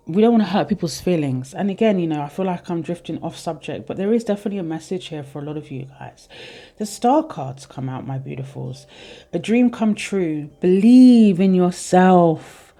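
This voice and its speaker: A reader in their thirties talks through tarot cards in a loose, heartfelt way, often drifting off topic. The voice is soft and mellow, never bright. Their pitch sits in an ordinary middle range. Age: 30s. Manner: rambling, heartfelt, speaks straight to viewers. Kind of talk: casual tarot reading for viewers.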